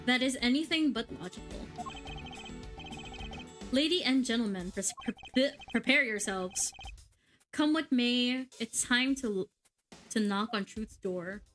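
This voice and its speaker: A woman reading lines as a composed, confident male prosecutor in a measured, formal way. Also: a little high, lively intonation, fairly bright tone, faint music behind.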